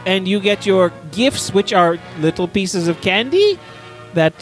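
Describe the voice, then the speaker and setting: A jolly, theatrical gift-bringer with a thick put-on accent, as a man acts him out. He booms his greetings with a high, lively voice and takes his time over the words. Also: a little slow, faint music behind. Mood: jovial. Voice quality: put-on accent that a listener compares to a cartoon villain.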